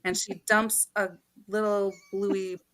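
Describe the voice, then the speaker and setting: A woman's voice: mid-range voice, flat delivery, slow, a bit bright. A woman co-hosting a podcast, reading a comic aloud in casual chat and acting out the characters' lines in voices. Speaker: podcast co-host.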